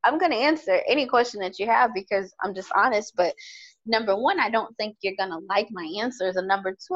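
Female podcast co-host, casual storyteller, mid pitch, dull lo-fi sound. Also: a little fast. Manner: animated storytelling, quoting others. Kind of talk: casual chat.

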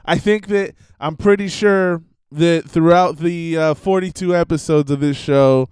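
High-voiced man ranting slowly. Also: a little mellow, clear, resonant tone, dry recording, clean studio sound. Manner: rambling, self-interrupting, profane, mock-voices people. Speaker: podcast host. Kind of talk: casual ranting monologue.

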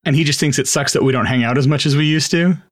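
A man's voice: a little high, fast talker, no room sound. Dry-sounding man in casual chat. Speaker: podcast co-host.

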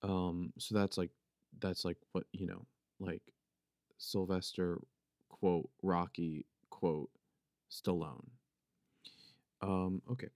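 A man's voice: sits low, level tone, slow pace, pauses often, a little mellow, clean tone, dry recording, studio quality. A man with a Philadelphia accent hosting a casual solo podcast, rambling and joking as he mushes his consonants together. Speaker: podcast host. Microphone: podcast microphone.

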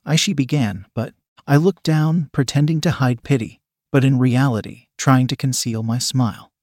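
A man reading a first-person story aloud in a calm, measured, coldly sly manner. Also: mid-range voice, no room sound, clean studio sound.

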